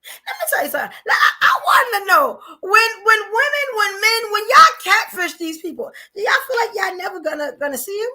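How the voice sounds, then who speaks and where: A woman from New hosts a live podcast. Her voice sits very high and sounds bright and forceful. She comments bluntly and animatedly, laughing often. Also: sing-song, a little fast. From New York. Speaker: podcast host.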